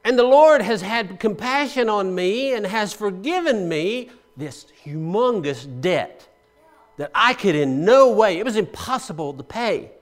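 A man preaching a sermon, explaining scripture conversationally and asking the congregation questions, swinging between loud emphasis and hushed asides. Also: high voice, expressive, measured pace. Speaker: pastor.

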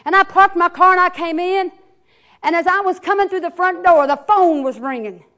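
Lady preacher, real high voice, hollers then drops down almost to a whisper, pentecostal church sermon. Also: moderate pace. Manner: preaching that swings from hollering to a hushed near-whisper. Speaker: pastor. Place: church sanctuary.

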